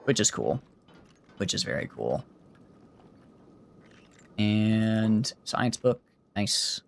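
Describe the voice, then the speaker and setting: A man from the Southern United States, with a mild accent, gives casual gameplay commentary while streaming, chatting and rambling and often pausing to correct himself. His fairly low, creaky voice drawls out words yet moves up and down with lively energy.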